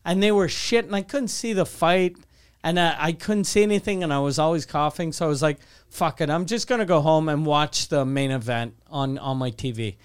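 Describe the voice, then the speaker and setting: A man's voice: fairly high pitch, fairly quick, clean tone. A man, a comedian, telling stories in casual podcast chat, swearing freely and acting out the people he quotes. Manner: profane storytelling, acts out quoted voices.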